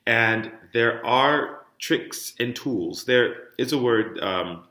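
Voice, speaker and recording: A middle-aged man leads a French pronunciation lesson. His tone is bright and forceful, and he speaks at an unhurried pace. He punches each drill word, then drops to a softer voice to explain, and the room gives everything an echo. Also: mid-range voice. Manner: drills words with strong emphasis, then explains softly. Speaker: diction teacher. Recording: roomy echo.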